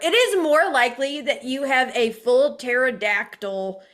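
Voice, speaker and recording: A woman's voice: high voice, fairly bright tone. A woman co-hosting a podcast, bantering in casual chat and laughing often. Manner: giggly, quick banter. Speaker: podcast co-host.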